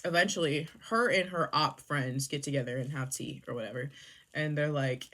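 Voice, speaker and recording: A woman's voice: deep voice, a little fast, fairly bright tone. A young woman reviewing books in a sarcastic, rambling, casual chat full of swearing. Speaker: book reviewer.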